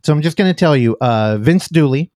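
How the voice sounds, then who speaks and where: A man's voice: a little high, lively intonation, brisk, a little mellow, no echo, clean studio sound. A man hosting a casual film podcast, chatting loosely, laughing often and interrupting himself. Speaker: podcast host. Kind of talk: casual podcast chat about films.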